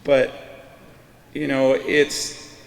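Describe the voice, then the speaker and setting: A man's voice: medium pitch, completely flat delivery, very slow, creaky. A middle-aged man from Florida giving a hall of fame acceptance speech, telling a story loosely with lots of fillers. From Florida, US East Coast. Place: ceremony hall on a PA system. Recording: echoey hall with a long reverb tail, faint room noise.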